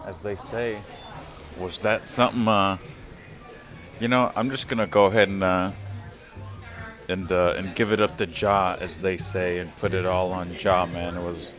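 A man talking casually to the camera from his parked car, rambling with lots of fillers and chuckling asides. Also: deep voice. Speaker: vlogger.

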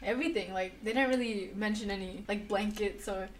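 A young woman with a croaky voice co-hosting a podcast, relaxed and hedging with fillers. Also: mid-range voice, a little fast, slight background noise. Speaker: podcast co-host. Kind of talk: casual chat.

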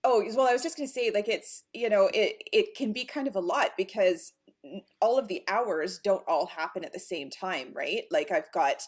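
A woman in her thirties in casual conversation, animated and quick to laugh, acting out her kids' voices. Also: mid-range voice. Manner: animated, laughs often, acts out her kids. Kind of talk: casual chat.

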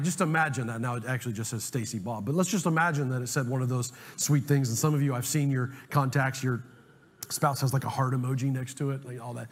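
Animated pastor with husky voice. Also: male voice, mid-range voice. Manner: animated, emphatic, humorous storytelling. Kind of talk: sermon. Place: church sanctuary. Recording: long hall reverb, faint music.

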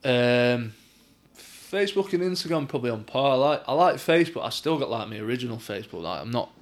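A man's voice: mid-range voice, animated, fairly quick. A man, chatting casually as a guest, swearing freely and laughing through his stories. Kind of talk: casual chat.

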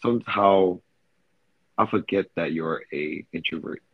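Low husky man, teasing podcast co-host. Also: unhurried, dry recording, phone-quality sound. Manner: teasing, playful, laughs a lot. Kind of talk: casual chat.

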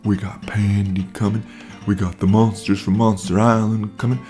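A man voicing Loy, an enthusiastic bear who plans a party and chatters excitedly. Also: on the low side, moderate pace, soft background music, lightly acted.

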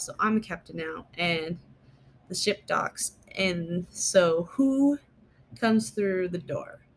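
A woman casually recapping a TV episode in a chatty, rambling way, full of fillers and emphatic asides. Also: lowish voice. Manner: emphatic, mock-exasperated asides.

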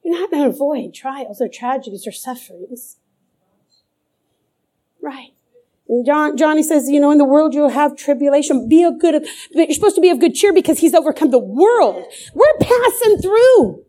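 Fervent high-voiced woman preaching. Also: lively intonation, normal speed, dark tone. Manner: fervent, repeats phrases for emphasis. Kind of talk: sermon.

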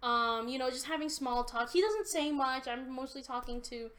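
A young woman hosting a podcast, casually telling an animated story and swearing often. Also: high voice, normal speed. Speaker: podcast host. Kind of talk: casual chat.

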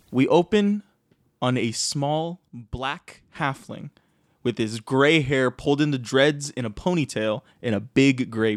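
A man's voice: medium pitch, no room sound, studio quality. A man narrating as dungeon master in a playful way, laughing often and slipping in and out of voices. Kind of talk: narrating a tabletop game.

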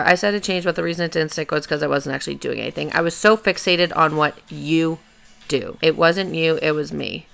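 Gravelly low-voiced woman podcasting. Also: brisk. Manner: candid, sweary, self-mocking, swings between soft and loud. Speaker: podcast host. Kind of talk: solo confessional podcast, reading from her journal.

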